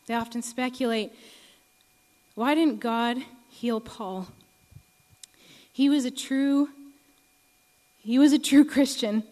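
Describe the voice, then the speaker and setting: A young woman in her early twenties giving an earnest sermon and testimony, speaking slowly with many ums. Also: fairly high pitch, a little mellow. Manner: earnest, many ums, rises to emotional pleading. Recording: long reverb of a large hall.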